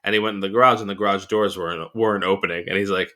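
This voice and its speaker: A man's voice: deep voice, very fast. A man co-hosting a podcast, casually telling a story and chuckling as he goes. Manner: animated storyteller who chuckles through anecdotes. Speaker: podcast co-host.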